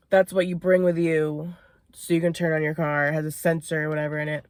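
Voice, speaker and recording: A woman's voice: sits low, little pitch movement, a little fast, dry recording. A young woman from Maine telling a story casually while eating in a car, swearing and laughing between bites. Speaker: vlogger. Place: inside a parked car.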